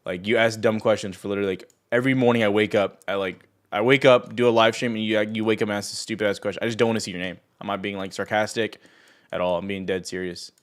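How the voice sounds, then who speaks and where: A man's voice: fairly low pitch, steady tone, fast talker. Exasperated man ranting on a livestream. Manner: exasperated, ranting at chat viewers; profane and sarcastic. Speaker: trading livestream host. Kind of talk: casual live stream chat.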